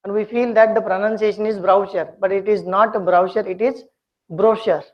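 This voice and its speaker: A woman teaching a pronunciation lesson, speaking slowly and deliberately and repeating words for her students to copy. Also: medium pitch, steady tone. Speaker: English communication skills teacher. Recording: dull lo-fi lecture recording.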